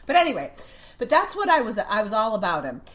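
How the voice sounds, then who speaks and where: A middle-aged woman, a podcast guest, telling a story in a casual, animated way, with swearing and acted-out quotes of her younger self. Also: fairly high pitch, fast talker, breathy edge.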